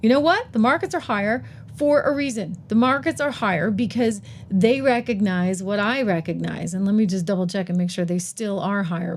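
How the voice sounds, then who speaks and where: A middle-aged woman hosts a live-streamed commentary show in a voice of ordinary middle pitch. She talks emphatically and with animation, firing off rhetorical questions. She throws in quick, self-mocking asides along the way. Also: darkish tone. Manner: laughs at herself while typing on air. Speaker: host of a live political and investing show.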